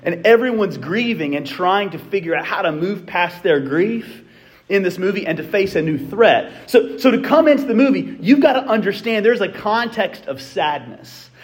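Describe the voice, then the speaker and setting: A pastor with a high, animated voice delivers a sermon at a moderate pace in a conversational style. He often repeats words and asks his listeners questions.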